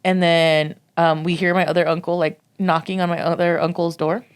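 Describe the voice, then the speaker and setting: A woman with a low voice tells a rambling ghost story on a casual podcast. She swears freely and scatters "like" through every sentence. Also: flat delivery, moderate pace, clear, resonant tone. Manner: swears freely, lots of "like" fillers. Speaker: podcast co-host.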